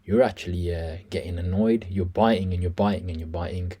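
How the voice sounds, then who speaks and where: In a low, mellow voice with a breathy edge and steady tone, this Birmingham-accented English boxing commentator talks a little fast. He chats casually with viewers as he dissects a press conference, often calling them "guys".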